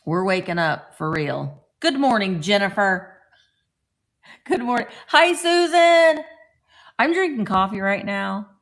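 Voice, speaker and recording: A woman's voice: mid-range voice, takes it slowly. Middle-aged woman live streaming from home early in the morning, chatty, voice swoops up and down a lot, says hi to folks mid-story. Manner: chatty and animated, greets viewers by name mid-sentence. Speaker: vlogger hosting a live stream. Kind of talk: casual live-stream chat greeting viewers.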